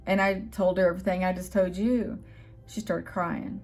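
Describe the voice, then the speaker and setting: A woman's voice: mid-range voice, fairly even intonation, normal speed, darkish tone. A woman telling a personal spiritual story in a casual vlog, earnest and rambling, with hesitations and restarts. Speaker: channel host.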